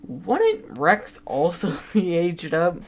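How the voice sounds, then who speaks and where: A man's voice: sits high, sing-song, slow pace. A man giving casual video game commentary, chatty and self-mocking as he looks back at his own old predictions. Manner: chatty and self-mocking, with frequent restarts and laughs.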